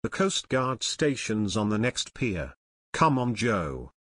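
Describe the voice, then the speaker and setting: A man voicing a bold teenage boy detective who shouts urgently in an audiobook. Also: on the low side, very animated, slow, husky, no room sound, clean studio sound, heavily acted.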